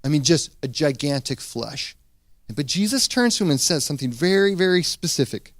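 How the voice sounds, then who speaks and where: A man preaching a sermon as pastor, retelling a scripture story in a casual, animated way with frequent restarts. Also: a little high, moderate pace, no echo, clean studio sound.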